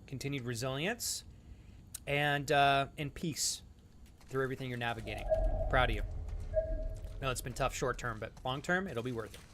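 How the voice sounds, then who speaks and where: A man's voice: medium pitch, normal speed, pauses often, noisy background. A young man streaming a game, chatting casually with viewers and making crude jokes. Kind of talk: casual live-stream commentary.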